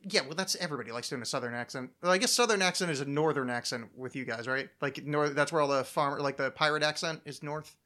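American guy hosting a podcast, kinda high bright voice, swears a lot, joking around. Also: fast, hardly any pauses. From United States. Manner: crude, joking, swears freely. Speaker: podcast host. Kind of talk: casual podcast chat.

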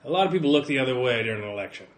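A man's voice: medium pitch, lively intonation, very fast, close to an everyday voice. A man voicing a nervous male station insider who stammers and hedges, in a tabletop game. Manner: hesitant, stammering. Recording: roomy recording.

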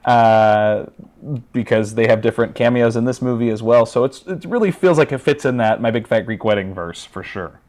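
A man guesting on a podcast, explaining things in a relaxed, rambling way with lots of fillers. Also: medium pitch, normal speed. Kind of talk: casual podcast chat.

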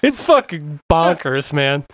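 Excited swearing man on a podcast. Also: a little high, slow. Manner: enthusiastic, profane, calls people dude. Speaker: podcast co-host. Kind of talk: casual chat.

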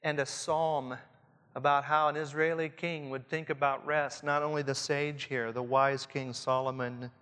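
A man with a Southern Indiana accent preaching a reflective sermon to pastors, often dropping to a soft hush to stress a point. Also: mid-range voice, level tone, moderate pace, clear, resonant tone. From Southern Indiana, USA. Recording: long hall reverb.

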